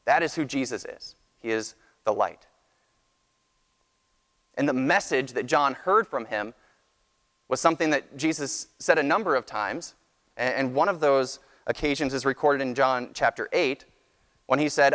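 A man delivers a Sunday sermon in a measured, earnest teaching voice. He often restarts a phrase before pressing on. His voice carries a long reverb from a church sanctuary. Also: medium pitch, animated, a bit bright. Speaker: pastor.

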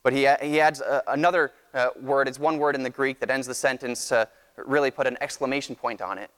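A man delivers a Sunday sermon in a measured, earnest teaching voice. He often restarts a phrase before pressing on. His voice carries a long reverb from a church sanctuary. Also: mid-range voice, fairly even intonation, fairly bright tone, clean tone. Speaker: pastor.

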